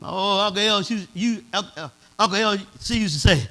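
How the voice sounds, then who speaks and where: High, bright-voiced preaching pastor. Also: male voice, normal speed. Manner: preaching in a dialect, swelling to shouts. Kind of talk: sermon.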